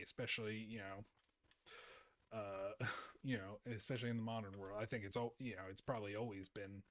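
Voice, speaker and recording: A man's voice: lowish voice, a bit bright. A young man streaming a game, rambling in casual commentary with frequent laughs and repeated words.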